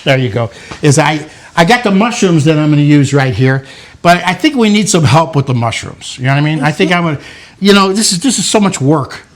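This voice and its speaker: An older man with a notably high voice hosts a relaxed home cooking show. He coaxes and cheers on children as they work, in a playful, encouraging way. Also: fairly quick. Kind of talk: casual cooking demonstration with kids.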